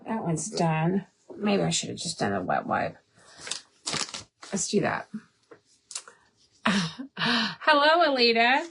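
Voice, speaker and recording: A woman's voice: lowish voice, very animated, slow, creaky, long pauses, background noise. A woman hosting a craft livestream, chatting casually, laughing often and answering viewers by name. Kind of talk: casual live chat while crafting.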